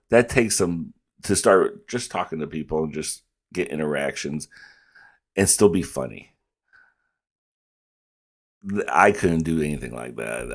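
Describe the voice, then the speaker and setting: A man with a rural American accent, reacting to a comedy clip in a laid-back, rambling way. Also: a bass voice. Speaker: reaction video host. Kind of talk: casual commentary.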